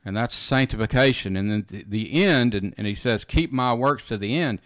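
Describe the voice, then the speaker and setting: A man's voice: medium pitch, moderate pace, dry recording. Earnest man teaching scripture, dry sound. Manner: earnest, repeats phrases, frequent "you know" and "amen". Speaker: preacher teaching in a conversation. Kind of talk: informal Bible teaching.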